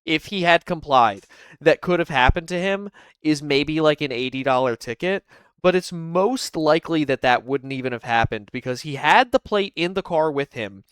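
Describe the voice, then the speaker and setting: Streamer man, smooth, slightly high voice, dry close sound, loose rambling commentary. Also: expressive, moderate pace, a bit bright, no echo. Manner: rambling, filler-heavy, reads chat aloud. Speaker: streamer reacting to police clips. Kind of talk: casual live commentary.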